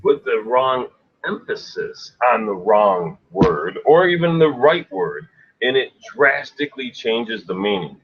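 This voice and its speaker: A man's voice: mid-range voice, big pitch swings, unhurried, slight background noise. A man co-hosting a sales talk show, chatting casually and emphatically, often adding a rhetorical question. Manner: emphatic, rhetorical "right?" asides. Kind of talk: casual conversational chat. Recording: dull lo-fi sound.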